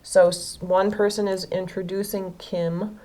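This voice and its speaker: Mellow-voiced woman tutoring English patiently. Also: mid-range voice, level tone, measured pace. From Illinois, USA. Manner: patient, encouraging, explains step by step. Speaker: adult literacy tutor. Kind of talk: one-on-one English lesson.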